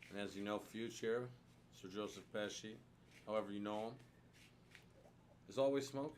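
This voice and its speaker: A man's voice: on the low side, normal speed, darkish tone, slight background noise. A man co-hosting a casual podcast chat, rambling with lots of fillers and restarts. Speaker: podcast co-host. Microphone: studio microphone.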